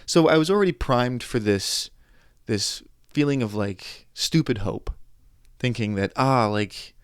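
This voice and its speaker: A young adult man hosting a podcast, telling anecdotes in a casual monologue, animated, quoting others and restarting his sentences. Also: mid-range voice, unhurried, clean tone, dry recording, clean studio sound. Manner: animated storytelling, quoting others, frustrated asides, frequent restarts. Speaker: podcast host.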